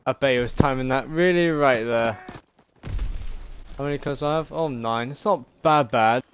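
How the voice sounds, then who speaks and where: A man's voice: medium pitch, normal speed, a little hiss or hum. A man giving casual gameplay commentary as a channel host, frustrated and swearing as he plays. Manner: frustrated, swearing, raging at the game.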